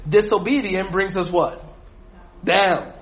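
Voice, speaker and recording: A man leading a group Bible study, animated, asking the group questions and laughing often. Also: sits high, normal speed, muffled recording.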